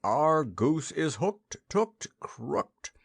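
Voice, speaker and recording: A man's voice: on the high side, sing-song, very slow, gravelly, husky, dry recording, pitched above the performer's own voice, heavily acted. A man voicing a gloomy, flustered, food-loving general in a storybook reading, speaking dolefully and out of breath.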